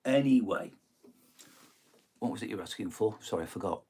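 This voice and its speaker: On a casual live stream, a man with a Nottingham (East Midlands) accent takes song requests, rambling and hesitating with lots of ums and self-corrections. His voice is low-ish, expressive, darkish and breathy, and a little fast.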